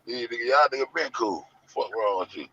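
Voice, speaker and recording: A man, ranting loud and profane to his online audience in heavy slang. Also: mid-range voice, expressive, fairly quick, a little hiss or hum. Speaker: show host. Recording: muffled lo-fi audio.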